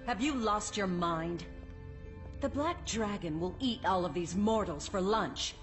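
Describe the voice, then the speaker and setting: A woman's voice: medium pitch, expressive, a little slow, natural voice. Argenta, a woman playing a haughty silver dragon. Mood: impatient. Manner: cold, scornful, condescending. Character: haughty dismissive female silver dragon warrior. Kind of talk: game cutscene voice acting. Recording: game audio with music behind.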